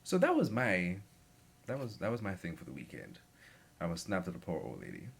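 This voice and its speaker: A man's voice: sits low, wildly swooping pitch, fairly quick, vocal fry, husky. A young man rambling through a casual story with lots of fillers. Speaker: vlogger.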